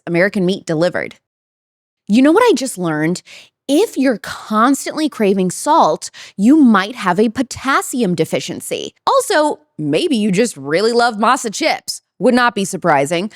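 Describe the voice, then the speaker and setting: A woman hosts a podcast in a lively, animated way, firing off quick questions and reading ads with bounce. Her voice is recorded close and dry, with no room sound. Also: medium pitch, no echo. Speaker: podcast host. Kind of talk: interview and ad reads.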